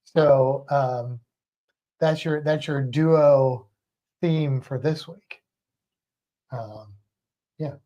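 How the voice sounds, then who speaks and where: A man co-hosting a livestream with a darker, mellow tone, rambling along in easy chat. He stops, restarts and laughs often. The audio is a bit dull and lo-fi. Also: mid-range voice, extremely slow, long pauses. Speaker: livestream co-host. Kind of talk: casual chat.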